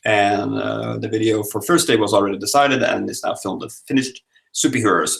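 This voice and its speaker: A Swedish man in his thirties hosts a live stream from a room at home, reading viewer comments aloud and chatting with jokes and rambling asides. His voice is fairly low and a bit bright, with vocal fry, fairly even intonation, and a normal speed.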